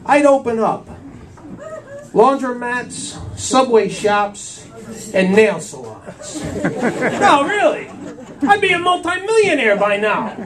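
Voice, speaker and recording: A man in his fifties performs stand-up on a small cafe stage before a live audience, constantly saying "I'll tell you" between jokes. His voice is very high-pitched and sing-song, slow with frequent pauses. He sounds far off, with crowd noise around him.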